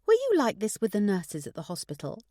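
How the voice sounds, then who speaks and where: A woman voicing a gentle, caring adult daughter who looks after her father. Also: mid-range voice, wildly swooping pitch, a little fast, dry recording, studio quality.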